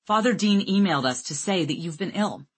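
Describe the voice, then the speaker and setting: A woman's voice: on the low side, animated, a little fast, slightly rough, voice pushed up. A woman voicing a gushing church volunteer mom. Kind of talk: audiobook memoir reading.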